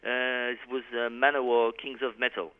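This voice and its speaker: A man's voice: medium pitch, level tone, normal speed, smooth, no echo. A man in his thirties with a French accent, chatting casually as an interview guest, rambling with lots of fillers and restarts. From France. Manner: rambling, many fillers and restarts, laughs easily. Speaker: touring metal musician, interview guest. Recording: tinny phone line.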